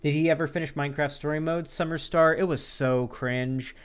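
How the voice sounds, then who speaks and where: A man's voice: fairly high pitch, fairly even intonation, brisk, clear, resonant tone. A male streamer in casual livestream chat, answering viewers aloud in a rambling, sarcastic and profane way.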